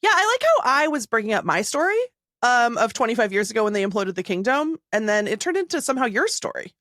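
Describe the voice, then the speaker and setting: Deadpan woman podcast co-host. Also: fairly high pitch, quick pace, dry recording, studio quality. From Seattle area. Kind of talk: casual chat.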